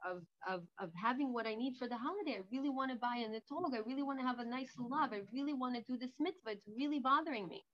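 A man's voice: very high-pitched, fast, few pauses. A woman voicing an earnest poor husband in a story, pleading to his wife. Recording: dull lo-fi recording.

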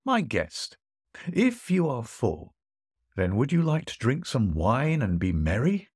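A man's voice: huge pitch swings, takes it slowly, breathy edge, no echo, clean studio sound, heavily acted. A man voicing a boastful wealthy host who keeps pressing lavish food and wine on his guest. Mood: pressing, showy. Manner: high, insistent, grandly pressing food on a guest. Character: boastful wealthy male host, teasing and showy. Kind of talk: storytelling voice acting.

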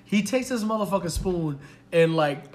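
A man co-hosting a podcast, telling a story in an animated, profane way and acting out the people in it. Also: high voice, normal speed. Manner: animated, profane, acts out the people in his stories. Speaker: podcast co-host. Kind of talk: casual storytelling chat.

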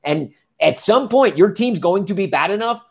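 A man co-hosting a casual sports podcast, animated and laughing, repeating phrases for emphasis. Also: high-pitched, moderate pace, gravelly, breathy edge. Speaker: podcast co-host.

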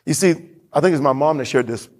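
A man's voice: fairly high pitch, fast talker. A man preaching a sermon as pastor in a church, emphatic and given to repeating his lines and reading scripture aloud.

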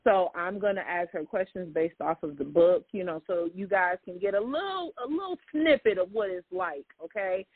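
A man hosts a podcast in a high, expressive voice, talking casually and giving advice directly to his listeners. He's chatty, shares hair tips, and often calls his audience "y'all." He speaks at a moderate pace with few pauses and a slightly rough edge, over a tinny, phone-like line with no room sound.

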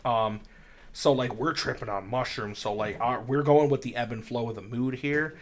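A man's voice: medium pitch, steady tone, moderate pace, a little hiss or hum. A young man hosting a podcast, telling a story in casual chat, rambling and profane with lots of fillers. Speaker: podcast host.

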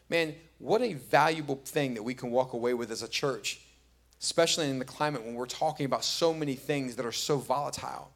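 Speaking fairly quickly, a middle-aged pastor with a mid-range, fairly bright voice tells stories casually during his sermon. He then climbs toward emphatic, repeated statements.

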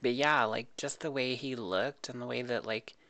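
A man's voice: mid-range voice, normal speed, sharp tone, dry recording. A man co-hosting a casual podcast chat, chiming in eagerly with short recommendations. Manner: enthusiastic, chimes in with short recommendations. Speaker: podcast co-host.

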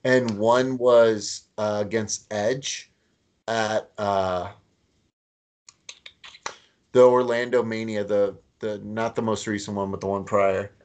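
A man's voice: on the low side, steady tone, takes it slowly, pauses often, darkish tone. A man co-hosting a casual podcast, speaking hesitantly with frequent ums and restarts. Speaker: podcast co-host.

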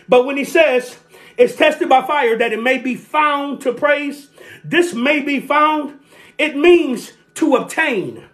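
A preacher delivering a sermon, repeating key phrases, calling for responses and shouting at the peaks. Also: high-pitched. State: sweating.

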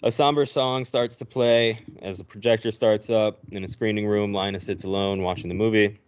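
A man's voice: on the low side, steady tone, moderate pace, smooth. A man hosting a podcast, retelling a film's plot in casual chat and acting out the characters' lines. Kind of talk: casual movie recap. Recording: dull lo-fi recording.

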